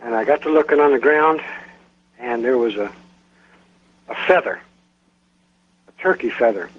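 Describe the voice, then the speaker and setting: A man calling in to a radio show, recounting a spooky night that turned out to have a plain explanation, in a halting way. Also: medium pitch, husky. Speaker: caller. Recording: dull radio phone audio.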